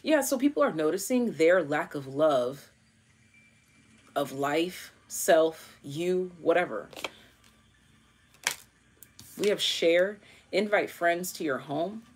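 A woman's voice: on the low side, lively intonation, slow pace, long pauses, a little hiss or hum. A woman giving a casual, chatty tarot reading to her viewers, full of slang and fillers. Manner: chatty, slangy, thinks aloud with many fillers. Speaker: tarot reader.

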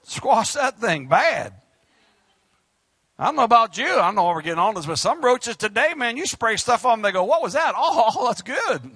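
A middle-aged man, preaching a fiery sermon as pastor, joking and then shouting his exhortations. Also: high voice, sing-song, normal speed, husky, no echo.

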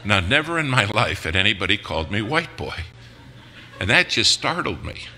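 An older man who is a guest preacher, telling a story in a sermon at a church in a folksy, animated way. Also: on the low side, normal speed, slight background noise.

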